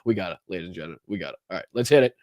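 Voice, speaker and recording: A man's voice: sits low, expressive, racing, no room sound, lo-fi sound. A man with a Boston accent hosting a political podcast, reacting to a video with sarcastic, laughing, profane commentary.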